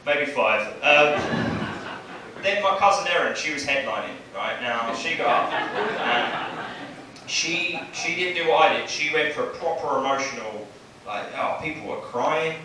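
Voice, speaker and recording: A young male stand-up comic with a slightly high voice, chatting to a crowd and ending lines with "right?". The sound is very roomy and picked up from a distance in a small club, with a noisy room and laughter behind him. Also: lively intonation, measured pace, bright, forceful tone. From Bexley, southeast London. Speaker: stand-up comedian. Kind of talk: stand-up set. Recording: roomy club audio from far off. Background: audience laughter.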